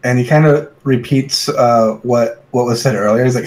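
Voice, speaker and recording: A man's voice: medium pitch, normal speed, darkish tone, a little hiss or hum. Man narrating as game master.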